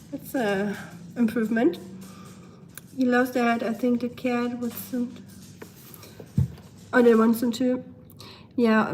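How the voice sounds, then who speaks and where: A young German woman with a German accent, a bit hoarse from a cold, chatting casually on a home live stream, reading viewer comments and talking to her pets. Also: a little high, darkish tone, a little hiss or hum. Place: at home, indoors.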